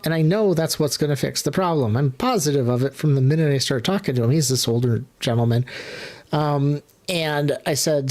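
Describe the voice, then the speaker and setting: A live stream host tells loose, profane stories about past work, often restarting a sentence. The voice sits at a middling pitch, and the delivery stays casual and conversational. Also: a little fast, a little mellow. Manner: profane, rambling anecdotes with restarts. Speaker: livestream host; former tech support worker.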